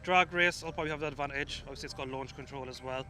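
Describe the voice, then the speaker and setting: A man answering briefly and quietly as a guest car tuner. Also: mid-range voice, racing. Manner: quiet, laid-back, short replies. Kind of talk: casual chat. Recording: music playing under speech.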